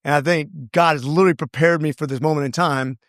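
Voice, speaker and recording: A man's voice: fairly high pitch, fairly even intonation, fast talker, a bit bright, no echo, clean studio sound. A man being interviewed as a congressman, telling his story in an earnest, rambling way with many restarts. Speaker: congressman guest.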